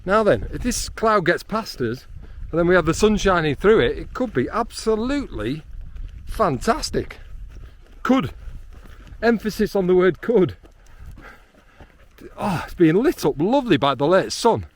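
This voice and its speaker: Guy vlogging on a hill, chatty and excitable, lots of ums, fairly high voice. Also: normal speed. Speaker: landscape photographer. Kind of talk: casual vlog narration while hiking. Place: outdoors on a hilltop.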